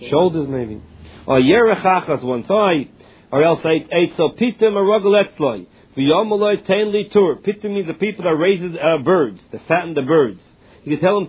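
The recording, tinny like a phone call, captures a man with a high, breathy voice teaching Talmud. He reads the lines and explains them in English, with frequent restarts along the way.

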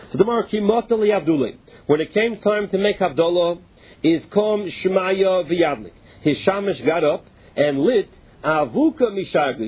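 A man with a high, slightly husky voice works through a Talmud passage. He reads each phrase of Aramaic and then explains it plainly in English. The sound is thin and band-limited, like a phone line. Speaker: Talmud teacher.

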